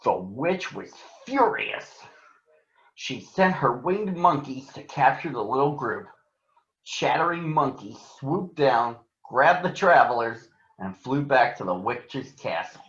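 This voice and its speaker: A man reading a children's story aloud as a storyteller, in a slow, expressive way. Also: mid-range voice. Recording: roomy, dull sound.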